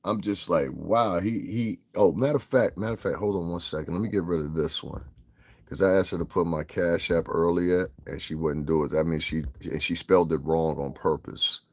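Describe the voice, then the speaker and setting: A man's voice: sits low, brisk. A man, hosting a podcast and riffing on the news in a profane, rambling, repetitive way. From New York. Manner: profane, rambling, repeats himself. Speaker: podcast host. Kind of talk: casual livestream commentary.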